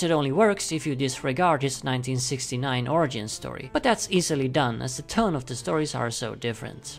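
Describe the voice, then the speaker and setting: A man narrating a scripted comic book review video with an animated, enthusiastic delivery. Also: fairly high pitch.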